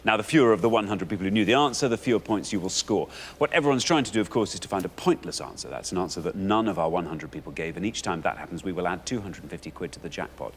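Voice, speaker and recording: A man's voice: low-pitched, lively intonation, fast, few pauses, slight background noise. A man hosting a quiz show, announcing with playful, theatrical energy. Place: TV studio with audience.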